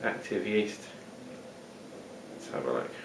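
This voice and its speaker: Chatty vlogger, male, hamming up a put-on Australian accent, low-pitched, recorded from a distance in a roomy space. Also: lively intonation, slow pace, creaky, a little hiss or hum. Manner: chatty, jokey, rambling with fillers. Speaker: vlogger reviewing beer. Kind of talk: casual beer review vlog. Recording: roomy, distant home-video sound.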